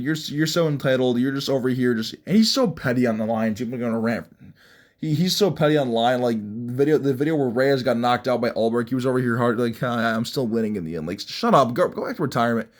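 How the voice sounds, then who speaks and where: A young man with a medium-pitched voice talks fast, giving blunt, mocking, rambling commentary on fights and restarting his sentences often. He's an MMA commentary vlogger, ranting casually.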